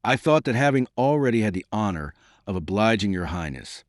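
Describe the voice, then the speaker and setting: A male reader voicing a courteous, shrewd young baron who speaks in a measured, formal way. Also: fairly low pitch, sing-song, no room sound, clean studio sound. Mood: courtly.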